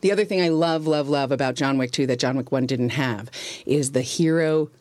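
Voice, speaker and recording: A woman's voice: extremely low pitch, brisk, darkish tone, no echo, studio quality. Rambling, laughing woman co-host. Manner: rambling, laughs often, self-correcting. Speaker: podcast co-host. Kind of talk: casual film discussion.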